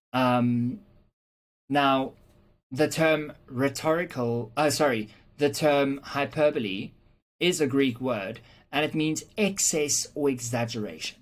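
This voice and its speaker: In an explanatory lesson on rhetorical devices, an English teacher with a medium-pitched voice patiently goes through examples. "Okay?" check-ins punctuate the talk, along with frequent "um" fillers and small restarts.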